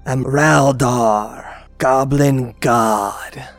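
A man playing a booming pompous goblin god. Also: steady tone, very slow, no room sound. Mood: grandiose. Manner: deep booming demanding voice. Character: pompous male goblin self-proclaimed god, bossy.

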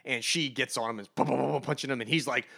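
A man co-hosting a comic book review podcast, ranting with animated, sarcastic energy. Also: medium pitch, fast talker, gravelly. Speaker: podcast co-host.

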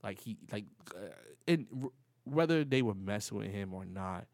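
Gravelly New man telling stories. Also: lowish voice, normal speed, dry recording. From New York City. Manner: animated, profane street slang, acts out quoted dialogue. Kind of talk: casual storytelling.

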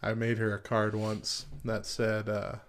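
A man's voice: lowish voice, completely flat delivery, measured pace. A man co-hosting a casual talk show, joking and laughing often as he tells stories. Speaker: co-host. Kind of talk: casual chat.

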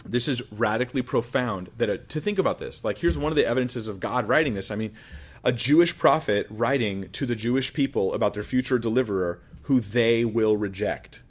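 Conversational pastor, mid-pitched man. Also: brisk. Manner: conversational, joking asides, swings from loud emphasis to quiet. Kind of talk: Bible-teaching sermon.

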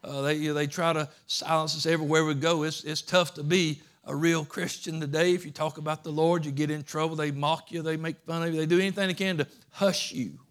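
A man's voice: fairly high pitch, fairly even intonation, a little fast, few pauses. A middle-aged man with a Georgia Southern accent preaching a sermon in an earnest, folksy way, often repeating words.

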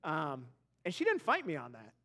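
A man's voice: fairly high pitch, huge pitch swings, normal speed, bright, forceful tone. A man preaching a sermon as pastor, conversational and self-deprecating, moving into an earnest prayer.

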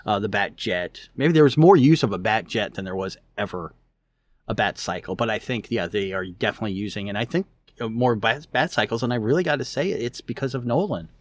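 A man's voice: fairly low pitch, brisk, dry recording. A man co-hosting a podcast, recapping a story in casual chat, rambling with lots of fillers and restarts. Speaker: podcast co-host.

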